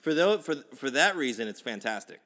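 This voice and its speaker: A man's voice: medium pitch, big pitch swings, fairly quick, fairly bright tone. A man co-hosting a casual sports podcast, rambling with restarts and swearing. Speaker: podcast co-host.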